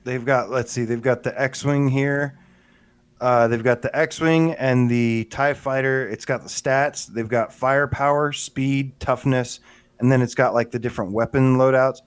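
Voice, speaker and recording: A man's voice: medium pitch, steady tone, measured pace, clear, resonant tone, no room sound. A man co-hosting a casual livestream podcast, rambling enthusiastically with lots of fillers as he looks through a video. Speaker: podcast co-host.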